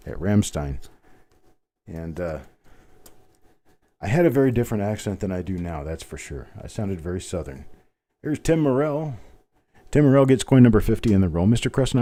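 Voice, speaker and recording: Low-pitched and dark in tone, this Midwestern man in his fifties, speaking with a general Midwestern American accent, runs a coin-collecting livestream. He unboxes items live in a folksy, talkative manner and wanders off on tangents.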